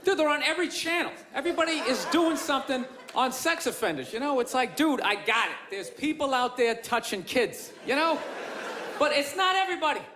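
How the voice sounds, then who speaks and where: A man's voice: very high voice, expressive, fairly quick. A man doing a stand-up set on a theater stage, ranting and cursing in a self-deprecating way into a handheld mic. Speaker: stand-up comedian. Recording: live show with loud crowd noise. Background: roaring audience laughter.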